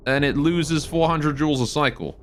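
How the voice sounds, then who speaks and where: A man's voice: a little high, moderate pace, a little hiss or hum. A man live-streaming a game, thinking aloud about his build and answering his chat.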